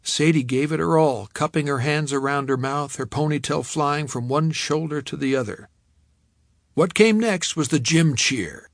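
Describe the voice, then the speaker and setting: A man narrating an audiobook in the first person, his voice sitting a little higher than most men's. He tells the story in a measured, reflective way. The recording is close and dry, with no room sound. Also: dry recording.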